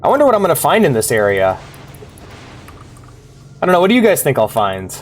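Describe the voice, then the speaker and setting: A man streaming a video game, chatting casually, swearing and reading in-game logs aloud in bursts of excitement. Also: fairly high pitch, a little fast, soft background music.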